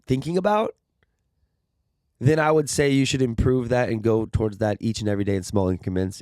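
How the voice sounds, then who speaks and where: A young man talks through viewer questions in a loose, upbeat ramble, often drifting off track before he finds his point again. His voice sits at an ordinary pitch for a man, and the recording sounds dry and close. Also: darkish tone, no room sound. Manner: rambling, upbeat, loses his train of thought. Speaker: vlogger answering viewer questions. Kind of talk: casual Q and A monologue.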